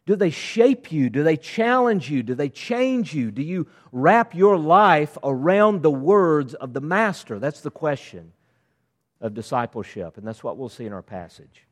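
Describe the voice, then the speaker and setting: A man preaching a sermon, lively and conversational, acting out voices of the crowd and disciples in casual asides. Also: fairly high pitch, measured pace. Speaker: pastor.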